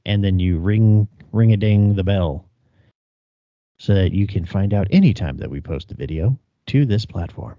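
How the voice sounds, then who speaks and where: A man's voice: low voice, lively intonation, moderate pace, no echo, lo-fi sound. A man co-hosting a podcast, joking in a wry, profane way through casual chat. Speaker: podcast co-host.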